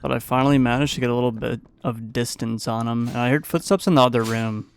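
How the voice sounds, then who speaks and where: A man's voice: mid-range voice, steady tone, fast, smooth. A man giving a casual, playful play-by-play voice-over of his own gameplay as a gaming YouTuber.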